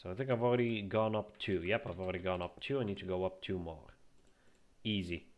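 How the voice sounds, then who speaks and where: A man's voice: sits low, fairly even intonation, a little fast. A man streaming a building game, chatting casually and musing aloud with frequent restarts. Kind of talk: casual gameplay commentary.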